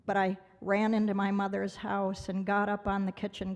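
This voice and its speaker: A woman's voice: medium pitch, completely flat delivery, normal speed, lo-fi sound. A woman giving a heartfelt award speech, telling a personal story dramatically and acting out the voices of others. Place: large gala banquet hall. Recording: long hall reverb from the speech venue.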